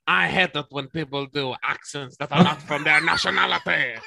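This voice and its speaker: Man playing a prissy offended inmate, raised voice, gravelly and bright, lectures. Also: fairly high pitch, moderate pace, exaggerated voice. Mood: indignant. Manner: huffy, lecturing. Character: prim male inmate, easily offended.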